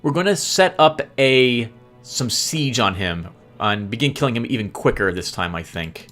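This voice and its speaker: Give me a man hosting a gameplay playthrough, chatty and sheepish, with an animated voice over faint background music. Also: medium pitch, normal speed. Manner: chatty, laughs often, sheepishly apologetic. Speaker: let's play host. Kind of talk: gameplay commentary.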